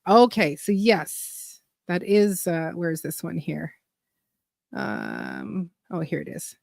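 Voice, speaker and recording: A woman's voice: lowish voice, huge pitch swings, slow, vocal fry, a little mellow, dry recording, studio quality. A woman hosting a gardening channel livestream, chatting casually and rambling as she reads viewer comments aloud.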